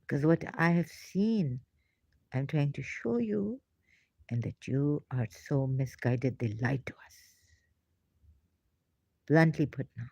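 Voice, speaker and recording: A woman's voice: deep voice, a little slow, dark tone, dry recording, dull audio. A woman giving an emotional, passionate, pleading monologue to her viewers, now and then dropping into a whisper. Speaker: ex-religious vlogger. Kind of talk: impassioned spoken monologue.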